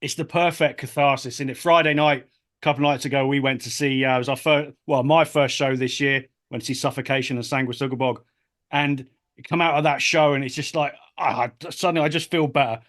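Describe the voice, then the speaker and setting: A man hosting a podcast, talking in a mid-pitched, ordinary voice. He chats casually and bluntly, with swearing scattered through his talk. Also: fairly even intonation, brisk, fairly bright tone. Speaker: podcast host. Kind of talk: casual interview chat.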